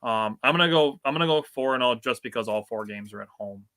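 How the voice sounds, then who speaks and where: A young man with a Wisconsin accent chats loosely about his home teams as a podcast co-host, relaxed and quick to laugh. His voice is bright and forward, middle in pitch, and he tosses his opinions out easily. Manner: chatty, laughs easily, puts on silly accents. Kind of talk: casual sports chat.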